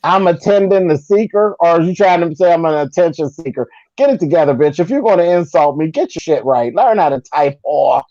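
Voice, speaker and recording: A woman's voice: fairly low pitch, lively intonation, fairly quick, hardly any pauses, mellow, dry recording. A woman hosting a casual, sassy gossip chat, cursing freely and laughing often. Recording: dull lo-fi sound.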